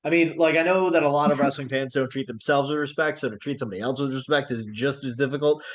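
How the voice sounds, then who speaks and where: A man's voice: medium pitch, fairly even intonation, fast. A man from the United States co-hosting a casual podcast chat, jokey and slangy, throwing in "bro" during mock rants. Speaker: podcast co-host.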